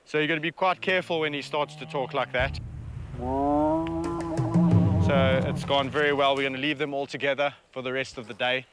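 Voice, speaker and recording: A South African man, a lion sanctuary keeper, giving relaxed, chatty commentary on location and speaking fondly of his animals. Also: medium pitch, fairly quick, long pauses, loud music behind the voice.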